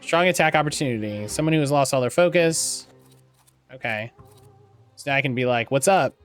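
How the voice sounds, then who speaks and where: A man streaming a video game, chatting excitedly and reading in-game text aloud. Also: medium pitch, faint music behind. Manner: excitable, swears casually, reads item text in a measured voice. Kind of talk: casual let's-play commentary, reading game text aloud.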